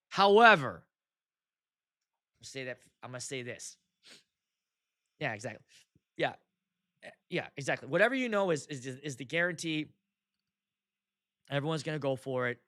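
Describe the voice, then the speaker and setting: A man hosts his own show and tells stories from wedding gigs in a loose, animated way, laughing often and acting out the crowd. His voice sits a little high and sounds bright. The recording is close and dry. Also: dry recording. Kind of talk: casual storytelling chat.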